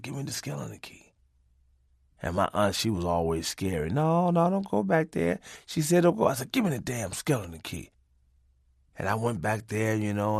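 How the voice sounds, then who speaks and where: Man comedian, profane comic storytelling, lively delivery, dry close recording. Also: medium pitch, no room sound. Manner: profane, animated, laughs often. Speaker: comedian telling stories.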